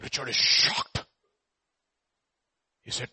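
A man preaching a sermon, telling a story and acting out its voices, swinging from loud to hushed. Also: sits high, very animated, normal speed, husky.

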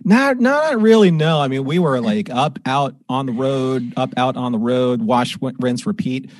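Animated man hosting a live podcast. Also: mid-range voice, measured pace. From Southern California. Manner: animated storyteller, puts on voices in anecdotes. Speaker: podcast host. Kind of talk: casual live-stream chat. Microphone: home desk microphone.

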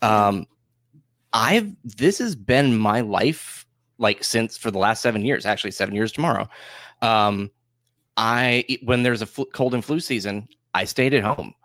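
A man's voice: lowish voice, measured pace, a bit bright, no room sound, clean studio sound. A man co-hosting a podcast, talking in a frank, conversational way. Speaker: podcast co-host. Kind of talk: casual chat.

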